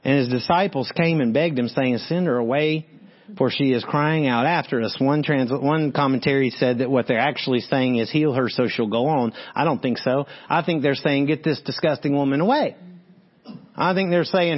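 A man's voice: medium pitch, brisk. A man preaching a sermon, reading Bible verses and talking straight to his listeners. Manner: animated, talks straight to listeners, reads verses then comments. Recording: dull lo-fi sound.

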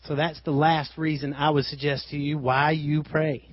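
Animated male preacher with a lilt. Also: on the high side, normal speed, no echo, highs cut off. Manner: animated, swings between loud emphasis and quiet asides. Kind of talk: sermon.

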